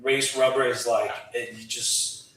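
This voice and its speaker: A man chatting on a podcast, explaining things in a relaxed way with dry humor. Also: medium pitch, measured pace, a little hiss or hum. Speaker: podcast guest, veteran skydiver. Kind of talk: casual podcast conversation. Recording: very echoey room, distant mic.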